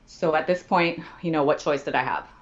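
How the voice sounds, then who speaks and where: A woman's voice: low-pitched, brisk, lo-fi sound. A woman, a podcast guest, telling a personal story with feeling and acting out each person's words in dialogue, her voice climbing when she speaks as herself in distress.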